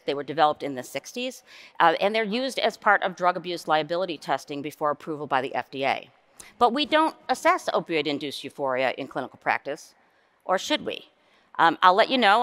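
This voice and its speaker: A middle-aged nurse researcher giving a plenary conference lecture. She speaks in a conversational, wry way and often jumps up in pitch for emphasis. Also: a bit bright.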